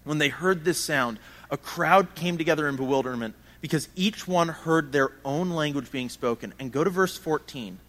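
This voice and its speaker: Earnest, slightly high-voiced male preacher. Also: normal speed, fairly bright tone. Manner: earnest, conversational preaching with frequent repeated words. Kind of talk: sermon.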